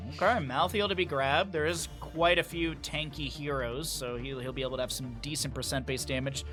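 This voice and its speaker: A man's voice: on the high side, fairly even intonation, brisk, a bit bright, faint music behind. A man casting a video game tournament on his stream, chatty and upbeat. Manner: chatty and upbeat, cowboy-style greetings. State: out of breath. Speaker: esports caster and streamer. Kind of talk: solo esports commentary.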